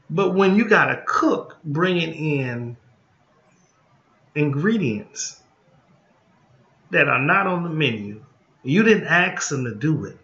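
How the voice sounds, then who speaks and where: In an echoey, somewhat muffled room, a man with a slightly high, pushed and bright voice leads a casual training session as a group home licensing consultant. He's blunt and homespun, going over points again and again and asking "okay?" to make sure everyone follows.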